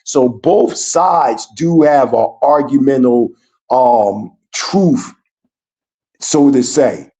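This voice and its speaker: A man's voice: mid-range voice, extremely slow, mellow, poor audio. A man speaking as a guest on a streamed talk show, earnest and rambling, with many fillers.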